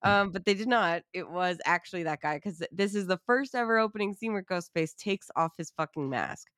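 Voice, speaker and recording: Excitable swearing woman podcaster, dry sound. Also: lowish voice, a little fast, dry recording. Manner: excited, swears freely, acts out her own reactions. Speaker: podcast co-host. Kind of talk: casual movie chat.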